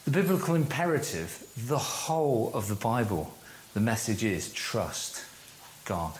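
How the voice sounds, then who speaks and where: Measured man teaching in an echoey room. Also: mid-range voice, a little hiss or hum. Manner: measured, slows down to stress key phrases. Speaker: course leader giving a church talk. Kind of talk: teaching talk to a group. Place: room with a live audience.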